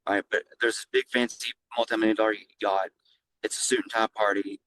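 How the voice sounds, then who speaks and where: A middle-aged man with a fairly low voice spins loose, animated stories as an interview guest. He talks casually and swears freely, and a faint hum of noise sits behind him. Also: quick pace, rough recording. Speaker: guest, flooring business owner.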